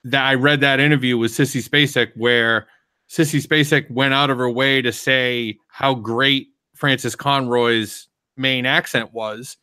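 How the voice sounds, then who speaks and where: Bright-voiced chatty man hosting a podcast. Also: medium pitch, steady tone, a little slow, clear, resonant tone, no room sound, studio quality. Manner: chatty, explains things at length. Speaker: podcast host. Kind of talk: casual live podcast discussion.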